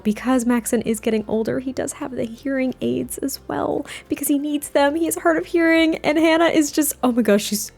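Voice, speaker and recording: A young adult woman giving excitable, chatty commentary on a life-sim game, often gasping and laughing. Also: fairly high pitch, brisk, hardly any pauses. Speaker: let's play gamer. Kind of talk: gameplay commentary.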